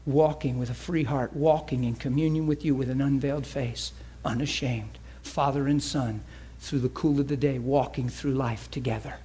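A man's voice: medium pitch, fairly even intonation, normal speed, few pauses, warm tone, slight background noise. A male preacher delivering an emotional sermon, moving between playful banter, laughter and earnest prayer.

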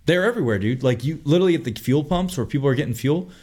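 A young man telling a long story on a casual podcast, animated and full of swearing. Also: fairly high pitch, rapid-fire. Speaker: podcast host.

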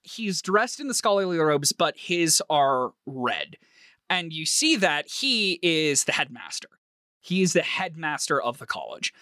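A man narrating a tabletop role-playing game as game master, with animated, vivid description. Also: a little high, a little slow, no room sound, studio quality.

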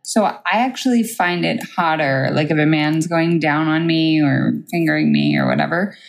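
A woman's voice: sits low, normal speed, vocal fry. A woman from Montauk co-hosting a podcast, frank and blunt in casual chat. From Montauk, New York. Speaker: podcast co-host.

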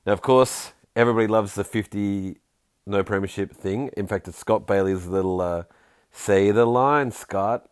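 A man hosting a podcast in a casual, jokey way, reading listener tweets aloud with quick asides. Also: fairly low pitch, fairly even intonation, clear, resonant tone, no echo, studio quality. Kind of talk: casual chat.

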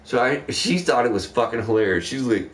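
A young man in casual chat, telling a profane, animated story about a rude customer. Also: medium pitch, brisk, far from the mic.

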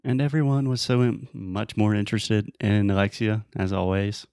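A man's voice: fairly low pitch, steady tone, moderate pace, a little mellow, smooth, dry recording, studio quality. A man with a Southern American accent, hosting a podcast and giving upbeat, step-by-step advice to learners. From Southern United States. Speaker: podcast host and English teacher. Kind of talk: casual podcast chat.

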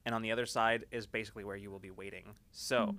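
A man narrating a tabletop game as game master in a relaxed, descriptive way. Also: on the low side, fast.

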